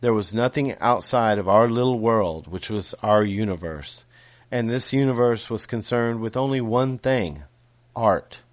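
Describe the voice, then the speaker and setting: A man reading his own novel aloud in a measured way, with small self-corrections and casual asides. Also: fairly low pitch, no room sound.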